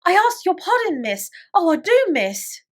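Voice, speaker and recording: A woman's voice: very high-pitched, big pitch swings, moderate pace, bright, forceful tone, voice pushed up, heavily acted. Woman doing a stuttering Cockney maid girl. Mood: panicked. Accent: attempted Cockney. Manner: stuttering, breathless, fearful. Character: frightened young servant girl, scullery maid.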